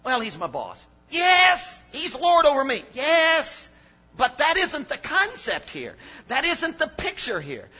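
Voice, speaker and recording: An older man preaching a sermon, dropping to low asides and then rising to shouted emphasis. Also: takes it slowly. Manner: animated, swings from low mutters to shouted emphasis. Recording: dull lo-fi sermon recording.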